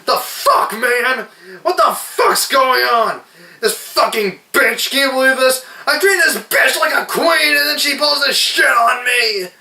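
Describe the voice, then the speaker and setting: A man voicing a drunk, spoiled rich man who shouts profane rants in a high-pitched voice. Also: huge pitch swings, normal speed, heavily acted. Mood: furious ranting. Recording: roomy echo, distant mic.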